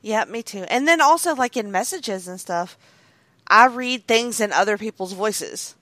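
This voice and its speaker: Relaxed, frank woman podcast co-host. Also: medium pitch, a little slow, a little hiss or hum. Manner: relaxed, frank, swears casually. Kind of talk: casual chat.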